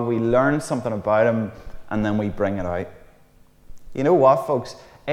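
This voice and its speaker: A man preaching a sermon in a lively, chatty way, with joking asides. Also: mid-range voice. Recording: roomy hall reverb.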